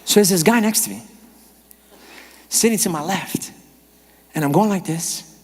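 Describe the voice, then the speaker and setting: A man preaching a sermon as a pastor, telling funny stories with lively energy that swings from loud exclamations to soft whispers. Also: sits high, unhurried, husky. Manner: animated, humorous storytelling, shifts from shouting to whispering. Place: church auditorium. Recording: reverberant church hall.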